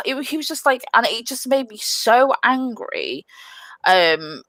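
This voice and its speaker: A young woman telling a gaming story on a podcast, animated and swearing freely, with lots of fillers. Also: fairly low pitch, a little slow, no echo. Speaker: podcast guest, gamer. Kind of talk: casual storytelling.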